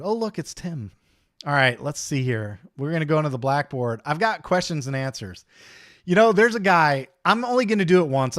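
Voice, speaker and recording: An American man hosts a casual livestream, chatty and blunt, joking and ranting as he reads out viewer comments. His mid-range voice is studio quality with no echo.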